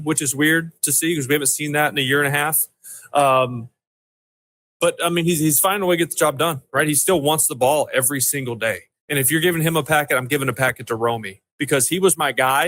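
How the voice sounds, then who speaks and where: A man's voice: fairly high pitch, steady tone, quick pace, a bit bright. A man who once played third base in the big leagues, chatting about the team's games and quoting stats. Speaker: podcast guest, former player. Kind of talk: casual sports analysis.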